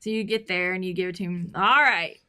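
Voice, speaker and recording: A woman's voice: on the low side, fairly even intonation, fast talker, a bit bright, smooth. A young woman guesting on a casual podcast, telling a story and laughing as she trails off. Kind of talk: casual chat.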